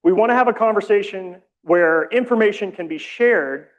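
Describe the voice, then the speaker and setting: A man leading a community training session, explaining calmly with casual, self-deprecating asides. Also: sits high, moderate pace, lo-fi sound. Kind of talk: training presentation.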